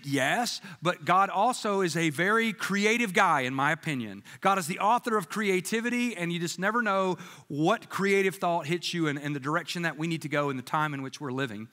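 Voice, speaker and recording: A man's voice: high voice, fairly quick, few pauses. A man preaching a sermon as pastor, telling stories with jokey asides and voicing the people he quotes. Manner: animated storytelling, jokey asides, quoting others in voices. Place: church sanctuary. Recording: church sanctuary with long reverb.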